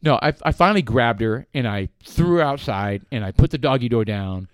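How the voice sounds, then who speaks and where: A man's voice: medium pitch, brisk, smooth, dry recording, studio quality. A man co-hosting a casual podcast chat, telling stories with swearing and laughter. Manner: animated storytelling, swearing, laughing. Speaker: podcast co-host.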